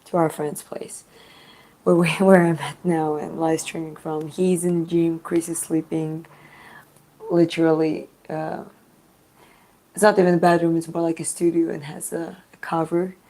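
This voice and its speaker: Woman, hoarse recovering voice, low and slow, halting casual live stream vlogger. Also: level tone, poor audio. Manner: soft and halting, many fillers. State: voice hoarse and deeper from losing it. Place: small studio apartment indoors.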